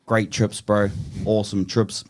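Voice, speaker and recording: A man's voice: lowish voice, little pitch movement, unhurried, slight background noise. A man telling rambling, laughing anecdotes in casual podcast chat, calling everyone "bro". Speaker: podcast guest.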